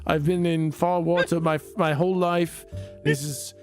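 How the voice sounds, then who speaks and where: Nervous, over-polite lawman played by a man, higher voice, flustered tabletop role. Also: little pitch movement, unhurried, darkish tone, soft background music, lightly acted. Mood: apologetic. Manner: fretful, apologetic, stammering. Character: flustered, overly polite small-town sheriff, male.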